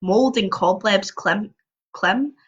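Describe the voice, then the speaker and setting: A woman's voice: mid-range voice, slow pace, slightly rough. A woman reading an interactive story aloud at home, with chatty, jokey asides between passages. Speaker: storybook reader on a livestream. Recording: dull lo-fi livestream audio.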